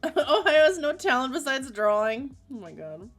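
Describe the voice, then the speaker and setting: A woman's voice: sits high, big pitch swings, moderate pace, faint music behind. A woman in her thirties from Florida, chatting casually on a livestream while drawing, reading chat aloud and laughing often. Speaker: livestream artist host.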